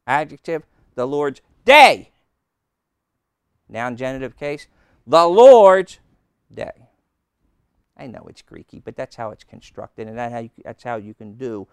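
A male preacher teaching a sermon, slow and emphatic, with sudden loud stresses on key words. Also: fairly high pitch, smooth, no room sound, clean studio sound. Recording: old taped sermon.

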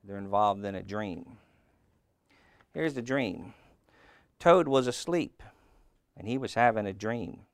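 A man's voice: fairly low pitch, lively intonation, slow pace, pauses often, no echo, clean studio sound. A man preaching a sermon in an emphatic way, often repeating his phrases.

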